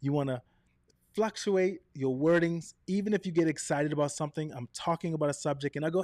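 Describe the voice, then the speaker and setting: An energetic man leads a live online workshop, his voice sitting a little high and swinging up and down on purpose. He is direct and quick, checking in with his viewers often. The sound is dry and close, with no room around it. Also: no echo. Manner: direct, often asks "right?" and "okay?". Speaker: presenter of a live video workshop. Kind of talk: live online coaching session.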